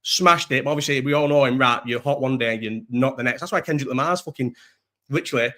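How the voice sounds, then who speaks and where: Fast-talking Scouse man, rambling chat. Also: medium pitch, fairly bright tone. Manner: rambling, swears freely, restarts often. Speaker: live-stream host. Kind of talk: casual live-stream chat.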